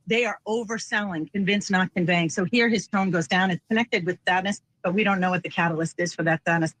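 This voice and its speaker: Brief: energetic woman analyst, punchy teaching delivery, dry close sound. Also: mid-range voice, fast, hardly any pauses, dry recording, rough recording. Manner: animated, emphatic, teacherly. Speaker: deception analyst. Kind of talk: expert commentary on a panel.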